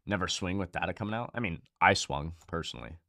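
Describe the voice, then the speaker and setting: A young man hosting a live trading stream, talking casually and bluntly with lots of swearing and repetition, rising in pitch and volume when fired up. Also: animated, fast, creaky, dry recording, studio quality. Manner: blunt, profane, repeats himself, gets louder and higher when fired up. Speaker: livestream trading host.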